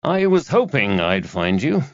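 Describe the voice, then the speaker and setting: A man voicing a soft-spoken, courteous earl with a New England accent. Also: medium pitch, very animated, unhurried, dry recording, muffled recording, pitched above the performer's own voice. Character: gentle American earl, soft-spoken scholar.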